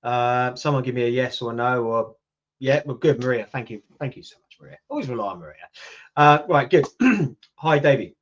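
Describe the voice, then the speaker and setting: A man's voice: mid-range voice, lively intonation, moderate pace. A man in his fifties with a British accent, chatting casually with viewers on a livestream and answering their comments. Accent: British English. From United Kingdom. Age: 50s. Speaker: YouTube channel host. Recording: lo-fi livestream audio.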